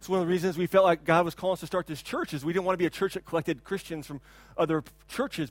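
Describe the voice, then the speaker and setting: A man in his thirties preaching a sermon, his voice sitting high for a man and sounding close and dry with little room around it. He talks loosely, repeats himself, and swings into loud, animated bursts. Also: no echo. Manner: animated preaching, shouts to imitate a crying child; repeats words and restarts, conversational. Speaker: pastor. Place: church hall.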